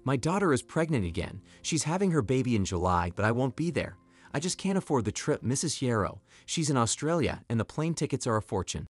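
A man reading the lines of a tearful grandmother in her sixties in an audio story, in a steady voice close to his own. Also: medium pitch, a little fast, husky, dry recording. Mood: sad.

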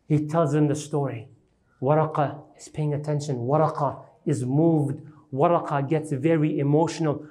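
A man's voice: steady tone, normal speed, mellow. A man teaching an Islamic lecture, retelling a story dramatically and asking the audience questions. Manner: dramatic retelling, acting out quoted speech with rising pitch. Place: mosque lecture hall.

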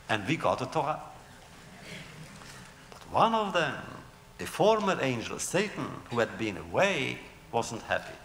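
A man giving a storytelling lecture, telling old tales with lively rhetorical questions, recorded in a large lecture hall. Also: medium pitch, vocal fry, slight background noise.

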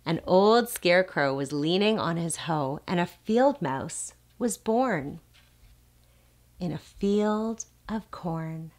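A woman's voice: on the low side, lively intonation, slow, a little mellow. A woman speech therapist reading a picture book aloud to small children, asking the child questions and making animal sounds.

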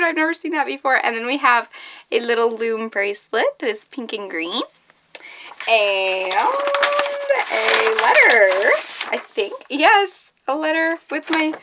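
Excitable and high-voiced, a young woman vlogger opens fan mail while chatting casually, often gasping and squealing with delight. Background noise can be heard.

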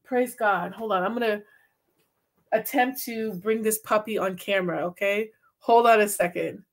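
A woman's voice: mid-range voice, moderate pace. A woman preaching a casual video sermon in a slangy, fervent way, often checking in with her listeners. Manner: casual, slangy, fervent, keeps asking "right?".

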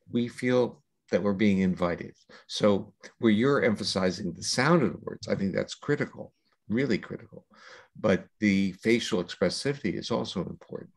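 An older man speaks as a scientist guest in a podcast interview, laying out ideas at length in a measured, lecturing manner. His voice sits low and gravelly, with a husky edge. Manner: measured, lecturing with long explanations. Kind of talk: explanatory interview talk.

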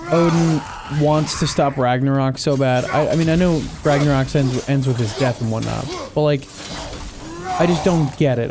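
A young man giving casual let's-play commentary, trash-talking enemies with lots of swearing and joking asides. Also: fairly high pitch. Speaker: gaming channel host. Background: game music and combat sounds.

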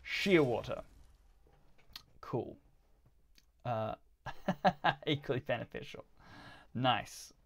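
Gravelly-voiced man streaming games. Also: medium pitch, expressive, drawn-out words, pauses often. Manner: rambling, chatty, laughs often. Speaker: game streamer. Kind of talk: casual chat while gaming.

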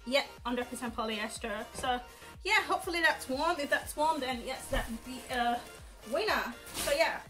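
A woman's voice: high-pitched, normal speed, sharp tone, faint music behind, poor audio. A young woman chatting casually on camera at home, rambling and giggling through a fashion haul. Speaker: fashion vlogger. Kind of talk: casual haul video chat.

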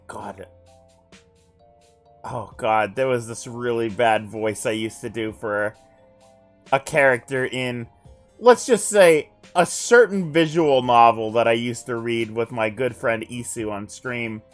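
A man streaming himself reading a text adventure aloud, his voice pitched at an ordinary middle height. He slips from narration into joking side comments, with faint music playing behind him. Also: takes it slowly. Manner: joking asides between narration.

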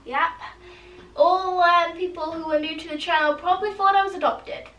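A woman's voice: extremely high pitch, fairly even intonation, normal speed, pushed and bright. A teenage woman, vlogging in a rambling, chatty way, full of "like" and "honestly". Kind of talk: casual talk to camera. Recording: echoey room, mic at a distance.

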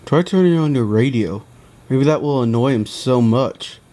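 A man's voice: medium pitch, animated, moderate pace, warm tone, close to an everyday voice. A man voicing a laid-back plush bear who hands out casual advice in a homemade toy skit, talking in an offhand, easygoing way.

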